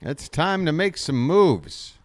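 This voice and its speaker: A man calling a baseball game as a fan streamer, chatting directly with his viewers and getting excited on big plays. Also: fairly high pitch, slow, no echo. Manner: chatty, talks straight to his chat viewers. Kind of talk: live fan play-by-play commentary.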